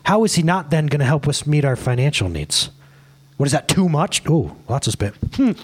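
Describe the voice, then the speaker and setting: A male pastor preaching a casual sermon, excitable and rambling, often laughing at himself. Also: on the high side, moderate pace, husky.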